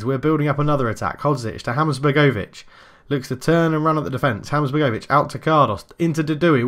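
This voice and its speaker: A man doing let's play commentary on a football management game, calling the action play by play and getting loud and excited at goals. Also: medium pitch. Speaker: gaming YouTuber.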